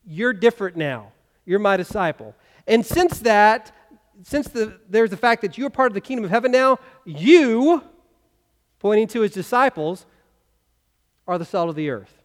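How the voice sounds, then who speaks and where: With a high-pitched, expressive voice at a normal pace, this man preaches as pastor, asking his congregation rhetorical questions in a conversational style. A church hall's long reverb fills the recording.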